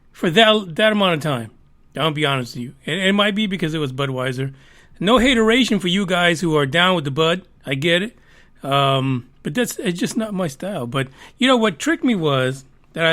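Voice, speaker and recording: A man's voice: fairly high pitch, fairly bright tone. A man hosting a live podcast stream, chatting casually in a rambling, profane, joking way after a few drinks. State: tipsy from drinking. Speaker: podcast host.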